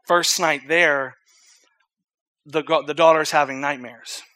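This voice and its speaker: A man preaching an evening sermon, telling a story in an earnest, conversational way and reading scripture aloud with loud emphasis. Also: a little high, steady tone, slow pace.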